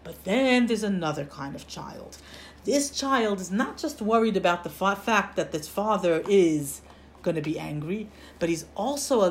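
Woman giving an animated religious lesson. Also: lowish voice, a little hiss or hum. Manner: animated storytelling with frequent restarts. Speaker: Torah teacher.

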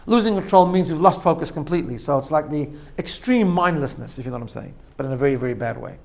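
A man's voice: on the high side, lively intonation, fast talker. A man giving a spoken lesson, explaining step by step with frequent "right?" checks and repeated phrases. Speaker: teacher. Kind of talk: spoken lesson on self-growth.

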